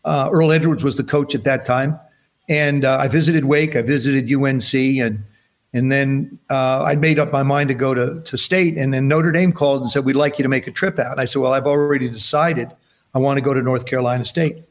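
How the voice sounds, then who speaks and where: A man's voice: medium pitch, brisk. A man in his seventies from New Jersey, a podcast guest telling stories in casual chat and acting out the voices in them. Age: 70s. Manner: animated storyteller acting out quoted dialogue.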